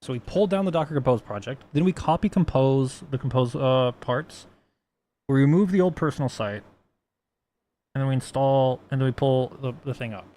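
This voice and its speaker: A livestreamer with a warm, mid-range voice and lively intonation speaks at a moderate pace while coding. His casual talk is rambling and profane, full of restarted sentences.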